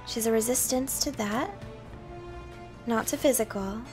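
A woman streaming a game, reading its text and dialogue aloud in a calm, soft-spoken manner. Her voice sits fairly high for a woman. Faint game music plays behind her. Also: unhurried.

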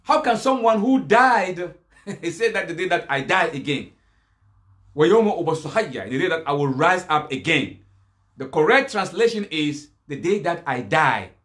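Guy arguing in a live preach, high voice that jumps around a lot, keeps asking questions back. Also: expressive, normal speed, a bit bright. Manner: argumentative, rhetorical questions. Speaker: Muslim preacher. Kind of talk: live religious rebuttal talk. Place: Yonkers live stream.

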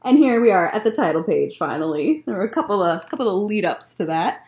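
A young woman with a mid-range voice, speaking a little fast, chats with young children and reads a picture book aloud at story time. She's a children's librarian in a public library, and her delivery is animated and bouncy.

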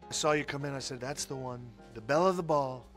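A man's voice: mid-range voice, fast talker, music in the background, voice pushed down, close to an everyday voice. A man playing a boastful, crude male president in a comedy sketch, rambling and insulting everyone around him.

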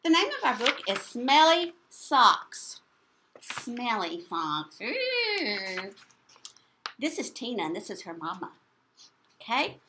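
A woman preschool teacher, reading a picture book aloud to children in an animated, playful way and asking them questions. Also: fairly high pitch, slow, background noise.

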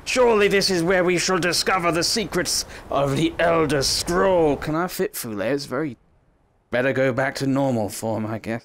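Man, comedic VR game commentary, playful and rambling, gravelly, fairly high voice. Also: moderate pace, fairly bright tone, a little hiss or hum. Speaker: gaming YouTuber.

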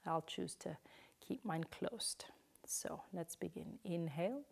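A woman guiding a yoga class, speaking slowly and soothingly, with some cues whispered. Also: on the low side, gravelly. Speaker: yoga teacher. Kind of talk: guided yoga instruction.

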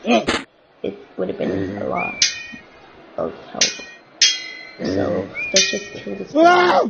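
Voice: slow pace, creaky, heavy background noise. A player commenting on a game in a put-on girly voice, yelping and shrieking when things go wrong. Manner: put-on girly high-school voice; excitable, yelps and shrieks when losing. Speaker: gameplay commentator. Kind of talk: let's play commentary. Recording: loud game music behind.

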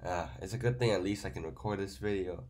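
A man with a fairly low voice who is sick, talking through a card review. He rambles with many fillers and uses grammar. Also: fast, a little mellow. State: sick, stuffy voice.

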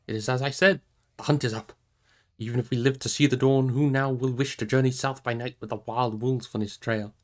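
Man reading as a grave old wizard, commanding, solemn, measured pace, mid-pitched steady voice. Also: natural voice. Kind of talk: audiobook reading.

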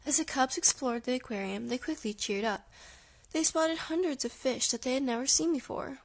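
Brief: woman audiobook reader, gravelly, fairly high, soft storybook delivery. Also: normal speed. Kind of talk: children's story read aloud.

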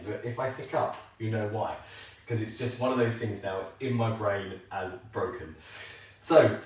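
A man with a fairly low, slightly bright voice teaches a live online line dance class from home, sounding far from the mic. He stays upbeat, calls out counts in rhythm as he dances, and jokes about himself. The room is very echoey, with faint noise.

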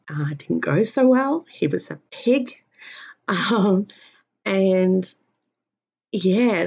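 A tired woman in pain, giving a halting personal health update with many pauses and fillers. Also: sits low, creaky, a little mellow, slightly rough. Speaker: vlogger. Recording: dull lo-fi recording.

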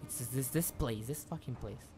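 A man's voice: mid-range voice, moderate pace, over loud music. A man streaming live gameplay, frustrated, swearing and repeating himself as he talks through the game.

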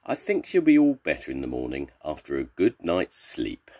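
An older man voicing a kindly male vet who is brisk and cheerful and gets flustered, in a storybook reading. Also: a bass voice, wildly swooping pitch, darkish tone, exaggerated voice.

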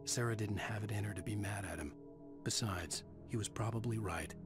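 A grave, lower-voiced male narrator tells the story in a video game scene, played by a man. He reads in an even, scripted way over clear music. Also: a little fast, lightly acted. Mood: somber. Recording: game audio with music behind.

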